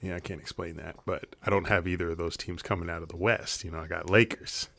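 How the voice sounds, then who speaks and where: A man's voice: sits low, fairly even intonation, quick pace, creaky, fairly bright tone. A man co-hosting a casual sports chat, laid-back, swearing freely and laughing often. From Florida. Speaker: podcast co-host.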